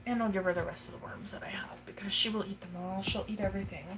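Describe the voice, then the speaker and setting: A woman's voice: mid-range voice, fairly even intonation, fast talker, background noise. A young woman casually chatting on a livestream while tending her tarantulas, swearing freely and cooing at her spider. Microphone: phone.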